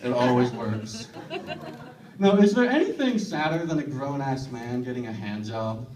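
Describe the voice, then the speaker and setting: Deadpan man doing stand-up. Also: mid-range voice, moderate pace, recorded from a distance. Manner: deadpan, self-deprecating. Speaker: stand-up comedian. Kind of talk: stand-up comedy set. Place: comedy club stage. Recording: roomy club, mic heard from afar, audience laughing. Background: audience laughter.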